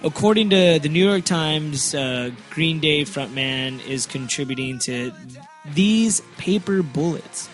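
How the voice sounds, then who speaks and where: A man hosting a loose, casual chat show. His voice sits a little high, and he talks with eager enthusiasm, often losing his thread mid-sentence. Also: lively intonation, slow, soft background music. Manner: rambling, enthusiastic, stumbles over words. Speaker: podcast host.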